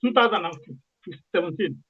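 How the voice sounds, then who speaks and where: A man's voice: sits high, moderate pace, husky, no room sound, phone-quality sound. A Nigerian man calling in to a radio discussion, impassioned and repeating himself, restarting phrases as he argues. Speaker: caller.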